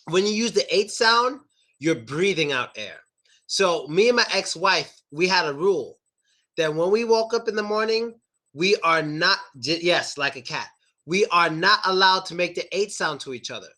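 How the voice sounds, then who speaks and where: A man teaching English pronunciation in a live online class, playful and animated, repeating words slowly and carefully for his learners. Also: sits high.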